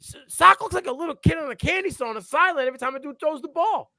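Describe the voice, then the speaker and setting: A male co-host giving animated, profane takes on a sports talk livestream. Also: very high voice, racing, no echo, studio quality.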